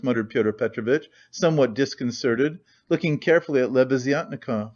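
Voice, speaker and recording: A man's voice: mid-range voice, brisk, a little mellow, lo-fi sound. A man narrating a classic novel as an audiobook reader, telling the story steadily. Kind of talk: scripted narration.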